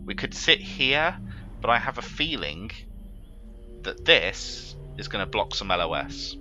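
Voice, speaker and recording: A man commentating his own strategy game run, swearing and prone to exasperated outbursts. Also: low voice. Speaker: gaming let's player. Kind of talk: let's play commentary.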